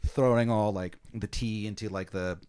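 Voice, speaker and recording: A man's voice: fairly low pitch, steady tone, moderate pace, a little mellow, clear, resonant tone. A man hosting a comedy podcast, narrating an improvised scene casually with many fillers and frequent laughter.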